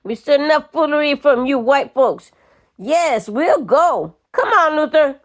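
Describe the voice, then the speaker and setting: Woman voicing booming defiant cook, high forceful lines, gravelly, storybook reading. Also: lively intonation, very slow, full character voice. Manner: loud, defiant demands. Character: fat, belligerent woman servant.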